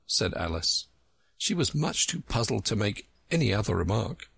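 A man reading a storybook aloud as narrator, with a measured, expressive delivery. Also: lowish voice, vocal fry, husky, no echo.

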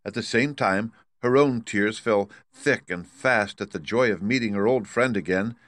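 A man narrating a children's storybook in a steady, even reading. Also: lowish voice, normal speed, no echo.

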